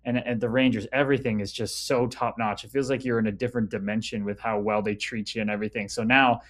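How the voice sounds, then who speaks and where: A man's voice: mid-range voice, fairly even intonation, fast. A man hosting a podcast, a former hockey player who reacts with enthusiasm and swears freely. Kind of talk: casual podcast interview.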